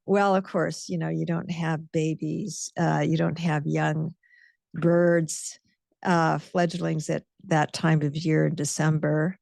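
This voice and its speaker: A woman's voice: deep voice, little pitch movement, slow, vocal fry, darkish tone, no echo, studio quality. A woman giving a guest talk with slides, telling stories in a conversational, reflective way. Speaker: guest speaker, author.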